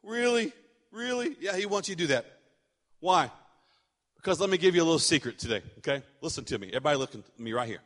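A man preaching as pastor in a church, animated and emphatic, repeating his points. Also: fairly high pitch, fast, in a large hall. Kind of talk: sermon.

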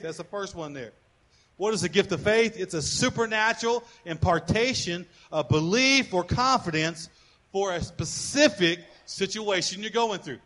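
A man with a high voice preaches as a pastor, animated and repeating words as he builds each point. He calls on the congregation to respond and grows hushed when telling personal stories.

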